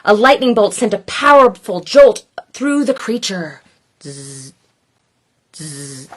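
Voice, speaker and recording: A woman reading a children's picture book aloud, slow and deliberate, lingering over the words. Her voice sits a little high and rises and falls in lively swings. She plays up every sound with delight. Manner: playful, expressive, slow and deliberate. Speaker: storyteller.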